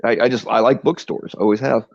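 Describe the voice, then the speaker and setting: A man's voice: medium pitch, steady tone, a little fast, creaky, no echo. A man telling a crude comic story in a profane, rambling rant on a stream. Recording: dull lo-fi stream audio.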